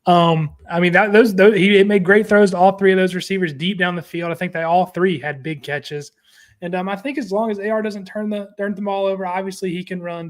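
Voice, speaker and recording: A young man with a notably high voice talks football on a casual show. He rambles, restarts his sentences and spells out words for emphasis. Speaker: sports show co-host. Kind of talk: casual sports talk.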